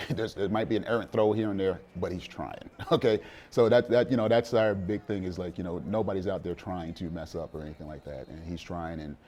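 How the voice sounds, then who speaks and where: A middle-aged man, the father of a young player, talking in a relaxed sit-down interview with many fillers and restarts. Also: deep voice, a little fast, few pauses. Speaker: interview guest, father of a college quarterback.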